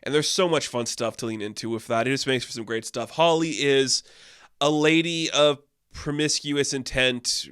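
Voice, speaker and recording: A man's voice: mid-range voice, a bit bright, clean tone. Chatty, enthusiastic man reviewing films. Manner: enthusiastic, chatty, with frequent fillers and restarts. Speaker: film reviewer. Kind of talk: casual film review talk.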